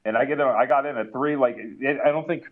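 A man talks through sports betting picks at a brisk pace, with plenty of fillers along the way. His audio sounds dull and lo-fi. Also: medium pitch. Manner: rapid, filler-heavy analysis. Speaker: NBA analyst.

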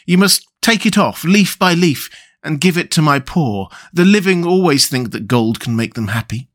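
A man plays a kind, sorrowful prince statue in a storybook reading. The voice sits noticeably higher than the reader's own and sounds tender and earnest. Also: expressive, moderate pace, a bit bright.

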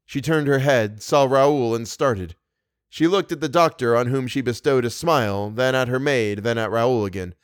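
Measured male audiobook narrator, dry sound. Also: medium pitch, dry recording. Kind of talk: scripted narration.

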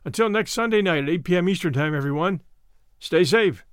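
A man hosting a show and reading a story aloud in a measured storytelling manner. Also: high voice, animated, no room sound, studio quality. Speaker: host and reader. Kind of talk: audiobook narration.

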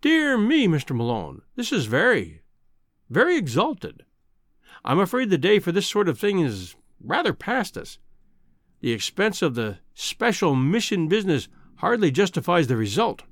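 Casting note: a man playing an old Scottish editor, kindly and fussy, with a lively, rising and falling voice and a dry, close sound. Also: high-pitched, moderate pace, dry recording, heavily acted. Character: kindly old balding male newspaper editor.

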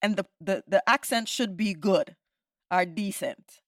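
A woman, a podcast host giving animated, opinionated views in casual discussion, often ending points with "right?". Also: medium pitch, measured pace, no room sound, studio quality.

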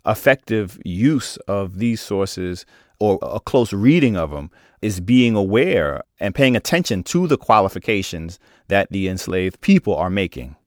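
A man hosting an interview, reflecting thoughtfully in a measured way. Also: sits low, big pitch swings, no echo, studio quality. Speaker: podcast host. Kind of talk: conversational interview.

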